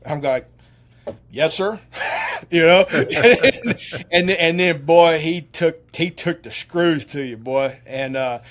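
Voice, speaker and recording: A middle-aged male veteran telling stories as an interview guest, animated and rambling, full of fillers and restarts. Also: a little high, takes it slowly. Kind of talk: casual storytelling interview.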